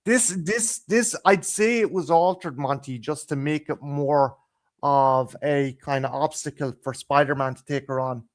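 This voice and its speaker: A man's voice: fairly high pitch, measured pace. Irish man ranting, stammering. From Ireland. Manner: rambling, stammering restarts, bursts into loud swearing rants. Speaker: guest podcaster. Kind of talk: casual chat. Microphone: video call.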